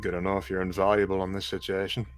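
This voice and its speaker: A man putting on a gruff Irish street tough for a tabletop game. He speaks bluntly and slowly, with a low voice that carries quiet menace. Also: little pitch movement, faint music behind, lightly acted. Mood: wry.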